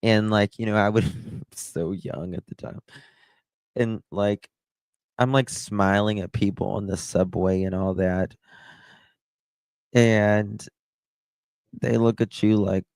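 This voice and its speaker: A man with a Southern accent chats on his live stream in a loose, rambling storytelling style. His voice sits very low, with a heavy gravelly fry, and he takes his time. The sound is close and dry. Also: steady tone, slow, long pauses, a little mellow, dry recording. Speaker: livestream host. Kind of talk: casual live-stream chat.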